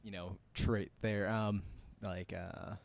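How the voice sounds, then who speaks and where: A man's voice: lowish voice, little pitch movement, slow pace, gravelly. A man from Minnesota co-hosting a casual chat, explaining his views earnestly and laughing easily.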